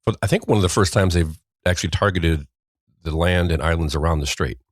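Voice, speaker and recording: A man's voice: sits low, brisk, no room sound, studio quality. A man hosting a casual news podcast, rambling and wry, often trailing off mid-sentence. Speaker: podcast host.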